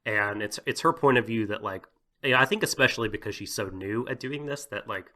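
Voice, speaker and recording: Bright-voiced man in rambling podcast chat. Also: on the low side, brisk. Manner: rambling, full of "like" and "you know", laughs often. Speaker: podcast co-host. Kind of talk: casual podcast discussion.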